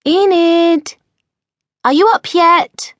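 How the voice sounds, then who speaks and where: A woman's voice: very high voice, very slow, dry recording, clean studio sound, pitched above the performer's own voice, heavily acted. A woman voicing a cheerful, carefree young schoolgirl witch who talks in an airy, breezy way. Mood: cheery.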